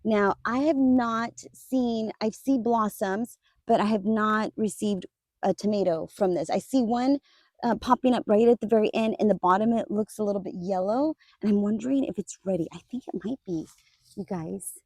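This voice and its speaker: Garden vlogger, woman, casual and chatty, talks straight to viewers, mellow voice, dry sound. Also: medium pitch, normal speed, no room sound. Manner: chatty, addresses viewers as "you guys", laughs easily. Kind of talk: casual garden tour vlog. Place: outdoors in a garden.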